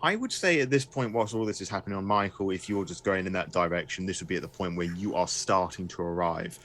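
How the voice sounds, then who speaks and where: A man's voice: sits low, fast, fairly bright tone. A man narrating a tabletop game as game master, hesitant and full of fillers.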